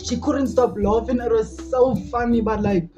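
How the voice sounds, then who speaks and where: A woman's voice: a little high, fairly even intonation, moderate pace, dark tone. A woman telling a casual storytime, rambling and laughing with lots of "like" fillers. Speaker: vlogger. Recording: dull lo-fi with faint music. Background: faint music.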